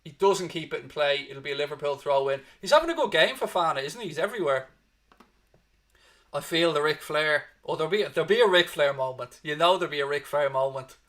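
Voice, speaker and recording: Bright-toned Irish man doing match commentary. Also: on the high side, quick pace. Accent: Irish, Dublin. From Ireland. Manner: animated, swears freely, keeps urging positivity. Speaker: fan watchalong host. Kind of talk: live match commentary and chat.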